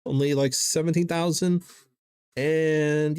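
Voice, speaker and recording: A man's voice: mid-range voice, moderate pace. A man streaming a game live, chatting casually in a rambling way with lots of fillers as he answers chat.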